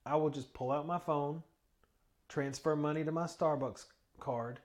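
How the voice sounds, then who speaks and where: A man's voice: a little high, fairly even intonation, unhurried. A man co-hosting a podcast, chatting casually and explaining things step by step with the odd filler. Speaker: podcast co-host. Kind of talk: casual chat.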